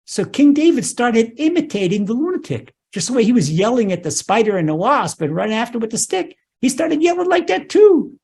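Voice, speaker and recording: Animated husky rabbi telling a story. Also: male voice, high voice, brisk, hardly any pauses. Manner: animated, restarts phrases, many "okay"s. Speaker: rabbi teaching. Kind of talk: storytelling scripture lesson.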